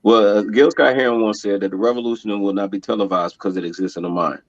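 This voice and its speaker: Male guest, mid-pitched, animated storyteller; muffled, dry recording. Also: quick pace, dry recording. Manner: animated, laughing storyteller who acts out quotes. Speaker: podcast guest. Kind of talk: casual conversation. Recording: dull, dry lo-fi sound.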